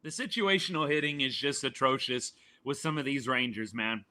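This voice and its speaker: A man's voice: mid-range voice, animated, normal speed, bright, forceful tone. A man hosting a live sports reaction stream, talking to his chat in a fired-up, exasperated way and repeating his points.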